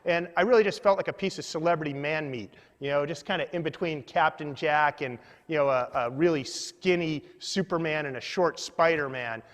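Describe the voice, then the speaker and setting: A man telling a funny personal story in a meandering, self-deprecating way with deadpan asides. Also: a little high, moderate pace, hardly any pauses, long reverb tail.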